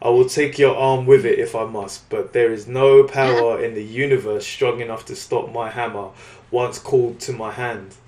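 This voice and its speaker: A man's voice: mid-range voice, fairly even intonation, normal speed, hardly any pauses, darkish tone, echoey room. A man casually recapping a comic book story on a podcast, rambling and acting out the characters' lines. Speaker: podcast co-host.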